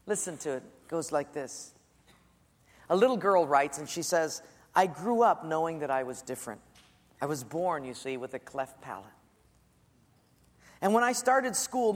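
A man preaching a sermon, telling a story and sometimes dropping to a soft hush for quoted words. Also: on the high side, long reverb tail. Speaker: pastor.

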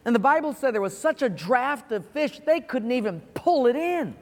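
High-voiced pastor preaching in a hall. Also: male voice, animated, moderate pace. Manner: earnest, storytelling, chuckles at his own punchline. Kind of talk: sermon with storytelling. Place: large auditorium.

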